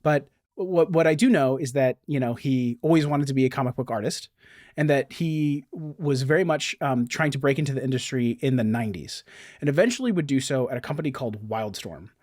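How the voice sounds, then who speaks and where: An enthusiastic man hosting a casual podcast chat, his voice sitting at an ordinary middle pitch. He reads passages aloud eagerly. The sound is dry and close, with no room echo. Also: brisk, a little mellow. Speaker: podcast host.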